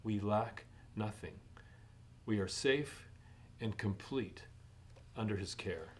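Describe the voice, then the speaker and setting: A middle-aged man pastor preaching a sermon in a measured way, rising in emphasis on key points. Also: fairly low pitch, slight background noise.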